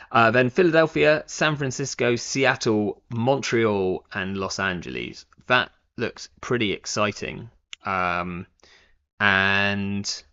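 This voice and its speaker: A man's voice: fairly low pitch, sharp tone, clear, resonant tone. A young man streaming a card game live, thinking aloud in a rambling way with lots of fillers and self-corrections. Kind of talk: casual live-stream commentary. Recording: dull, lo-fi stream audio.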